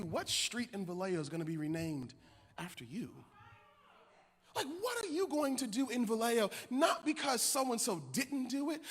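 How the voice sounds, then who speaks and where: A high, bright-voiced man preaching with animated energy, his lines rising into shouted, sung cadences. He speaks from a stage in a large hall, and the long reverb trails after each phrase. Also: husky. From Milwaukee. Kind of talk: sermon-style keynote speech.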